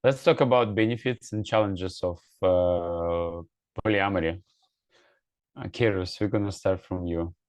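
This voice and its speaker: Man, host, asks questions, hesitant, lowish pitch, dry sound. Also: a little slow, darkish tone, dry recording. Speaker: host, moderator. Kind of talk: hosting a group chat.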